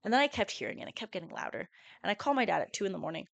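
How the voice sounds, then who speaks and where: Her medium-pitched voice is creaky and rapid-fire, recorded without echo. She's a twenty-something podcast co-host casually telling a story, animated, swearing frequently and acting out what people said.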